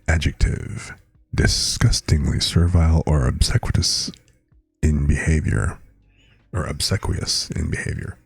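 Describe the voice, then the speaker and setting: A man's voice: rumbling low, steady tone, measured pace, creaky, breathy edge, no room sound, soft background music. A man streaming live, chatting casually with viewers and reading out words with their definitions.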